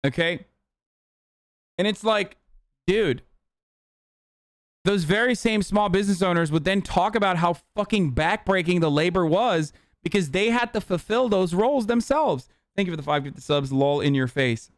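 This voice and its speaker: A man's voice: high-pitched, animated, normal speed, dry recording, clean studio sound. A man streaming a reaction to a clip, ranting in a heated, profane, casual way.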